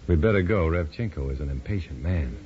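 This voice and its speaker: A man's voice: extremely low pitch, lively intonation, a little fast, loud music behind the voice. A man playing a dry, wisecracking undercover agent in an old radio drama. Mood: wry. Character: wry, tough male undercover agent. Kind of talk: 1950s radio drama acting. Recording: dull lo-fi old radio recording with faint hiss.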